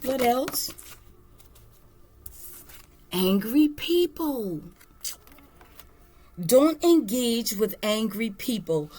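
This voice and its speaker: A woman giving a spiritual tarot reading, slow, emphatic and earnest. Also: on the high side, big pitch swings, dark tone, slight background noise. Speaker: tarot reader.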